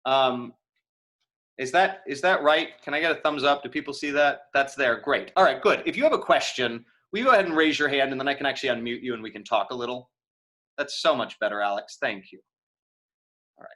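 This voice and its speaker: A man's voice: medium pitch, fairly quick, bright, forceful tone. Chatty man teaching over a video call. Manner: casual, chatty, thinks aloud with many fillers and restarts. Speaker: acting teacher. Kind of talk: live online lecture Q&A.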